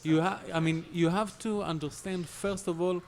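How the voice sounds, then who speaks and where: A man's voice: high voice, fairly even intonation, moderate pace. A man on a podcast panel explaining search strategy in an instructive, emphatic way. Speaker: SEO panelist. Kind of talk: casual podcast discussion.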